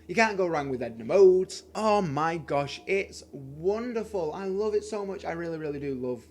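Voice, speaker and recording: A man's voice: on the high side, expressive, moderate pace, darkish tone, slight background noise. A man, casually gushing about his favorite movies in a vlog, often repeating himself. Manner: enthusiastic, gushing, repeats words. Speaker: channel host.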